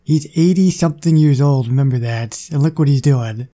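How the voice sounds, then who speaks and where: A young man giving casual, excitable commentary on his gameplay and chatting to viewers. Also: mid-range voice, moderate pace. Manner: excitable, chatty, talks to the game. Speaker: gaming channel host.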